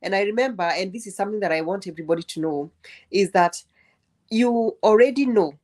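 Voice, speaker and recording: A woman's voice: medium pitch, fairly quick, darkish tone. A woman sharing her experience on a group call, thoughtful and asking rhetorical questions with a few false starts. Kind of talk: casual group chat.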